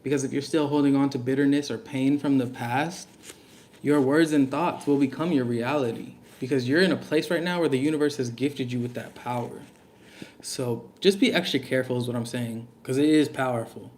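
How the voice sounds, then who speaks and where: A man's voice: medium pitch, fairly even intonation, fairly quick, a little mellow. A man giving a casual spoken reading to camera, loose and slangy, musing aloud with fillers. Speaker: tarot reader.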